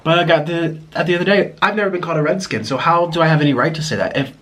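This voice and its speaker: A man vlogging to camera, talking in a reflective, apologetic way with many restarts, pausing to eat. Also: fairly high pitch, a bit bright. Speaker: mukbang vlogger. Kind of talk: casual confessional talk to camera.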